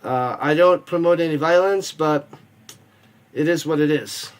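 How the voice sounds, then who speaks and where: High-voiced man hosting a game watch stream. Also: unhurried. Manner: rambling, joking, reads chat messages aloud. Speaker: watch party host and play-by-play caller. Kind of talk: casual live-stream chat with play-by-play.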